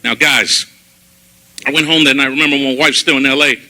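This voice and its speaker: A man giving a personal testimony sermon at a church service, telling his story in an animated way and acting out his own past words. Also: mid-range voice, rapid-fire, rough recording.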